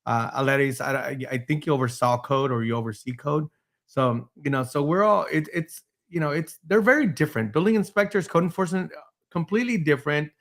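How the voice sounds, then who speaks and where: A man's voice: on the high side, a little fast, a bit bright. A man hosting a panel talk on code enforcement, rambling with many restarts and the occasional laugh. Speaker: host, building official. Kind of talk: panel discussion.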